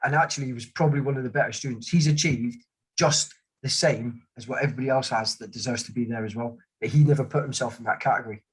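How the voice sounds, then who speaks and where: Husky-voiced army veteran. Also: male voice, medium pitch, quick pace, rough recording. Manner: rambling storyteller who acts out quoted voices. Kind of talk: casual conversation.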